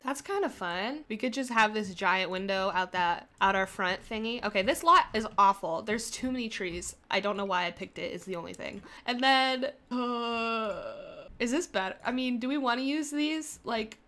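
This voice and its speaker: A woman's voice: on the high side, normal speed, sharp tone. A young adult woman chatting casually as she plays a building game, thinking aloud and laughing at herself. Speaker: gaming creator. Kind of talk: casual gameplay commentary.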